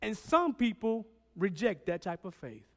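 A man preaching a sermon, swinging from loud, emphatic lines to quiet ones and acting out Bible characters. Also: high voice, big pitch swings, a little slow, in a large hall.

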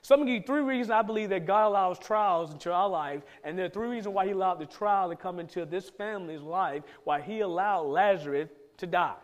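A man's voice: high voice, fast, few pauses, lo-fi sound. A man preaching a sermon in a church, talking with emphasis and repeating key lines for stress.

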